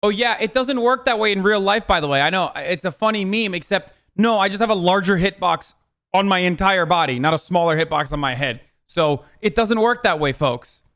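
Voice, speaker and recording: Male streamer host, casual reaction talk, fairly high voice, sarcastic and crude. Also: a little fast, a bit bright. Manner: sarcastic, profane, joking.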